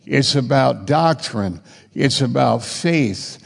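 Slow gravelly guy preaching, halting then sudden loud bursts, big echoey hall. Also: lively intonation. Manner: slow and halting, rising to emphatic high bursts. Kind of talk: sermon. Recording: reverberant hall.

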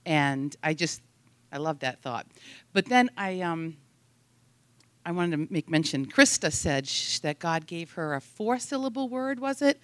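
A woman's voice: on the low side, a little slow, dry recording. A woman sharing a devotional thought in a casual, rambling way, often laughing. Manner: giggly, rambling, lively.

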